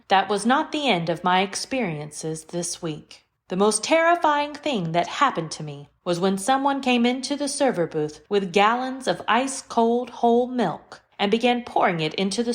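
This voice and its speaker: A woman's voice: medium pitch, lightly acted. A woman voicing a literal, formal female AI computer in an audio drama, with precise diction and no contractions.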